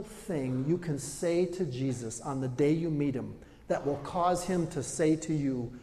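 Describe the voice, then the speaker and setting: A man's voice: on the high side, measured pace, hardly any pauses, dark tone. A male pastor preaching a sermon in a casual, conversational storytelling way, often repeating words as he builds up. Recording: reverberant hall.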